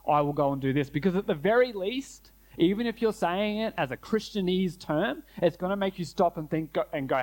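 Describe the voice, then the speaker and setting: A man preaching a sermon, earnest, slowing down and dropping low to stress key phrases. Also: expressive. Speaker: pastor.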